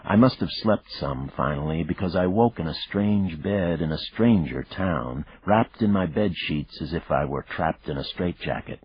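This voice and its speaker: A man reading a thriller audiobook in the first person, measured and reflective. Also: low-pitched, animated, slightly rough, dry recording. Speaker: audiobook narrator. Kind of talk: first-person scripted narration. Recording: dull lo-fi dry recording.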